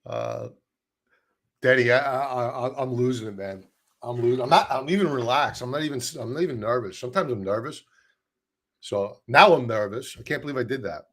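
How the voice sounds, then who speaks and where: A man hosts a live stream about stock charts, chatting sarcastically and wandering into plenty of asides. His mid-range voice swings widely in pitch, and he talks fairly quickly in this casual commentary.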